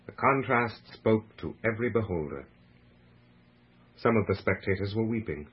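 A man narrating a religious book with a slow, measured, solemn delivery, heard on a muffled lo-fi radio recording. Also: lowish voice, expressive, breathy edge.

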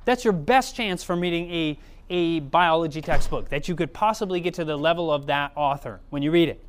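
A man's voice: fairly high pitch, brisk, a little hiss or hum. A man preaching a sermon in a conversational way, often checking in with the audience.

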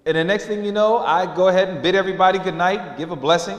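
A man's voice: sits high, fast talker. A male preacher giving a sermon, telling stories and acting out the voices of the people in them. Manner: lively storytelling with acted-out voices. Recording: echoey hall.

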